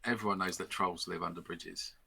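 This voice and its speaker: Player brief: low gravelly man, sharp bright tone, sarcastic. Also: steady tone, fairly quick. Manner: sarcastic, swearing quips. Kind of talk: casual banter during a live stream.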